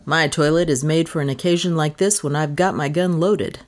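Lady reading as a dry, clipped detective guy, low voice, storybook. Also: steady tone, normal speed, close to an everyday voice. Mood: curt. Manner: curt, clipped questioning. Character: stern, dry male detective, middle-aged.

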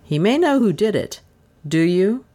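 A woman's voice: mid-range voice, very animated, unhurried, warm tone, pitched above the performer's own voice. A woman voicing a suspicious man who questions a servant firmly and imperatively.

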